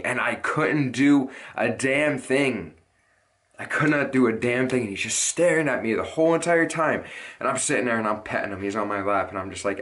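A man's voice: medium pitch, expressive, moderate pace, a bit bright. Man telling an urgent, rambling story. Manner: rambling, urgent, swears casually. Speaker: vlogger. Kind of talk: emotional storytelling to camera.

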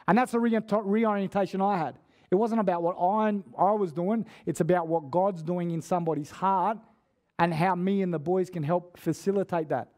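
A man's voice: high voice, moderate pace, a little mellow. A man preaching a casual sermon in church, telling stories in a chatty, slangy way with lots of restarts. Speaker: guest preacher.

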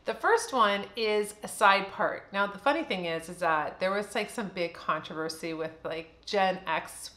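A woman's voice: mid-range voice, expressive, normal speed, few pauses, fairly bright tone, echoey room. A woman in her fifties talking candidly and casually to camera as a beauty vlogger, chatty and full of fillers.

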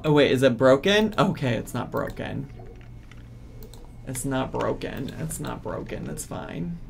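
Male streamer, slow and gravelly, ranting at the game in exasperation. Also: medium pitch, animated, a little hiss or hum. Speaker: gaming streamer. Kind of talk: casual gameplay commentary.

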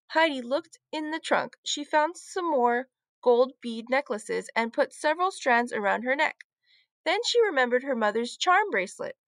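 A woman teacher reading a children's book aloud, with clear, expressive storytelling. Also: high-pitched, normal speed, dry recording.

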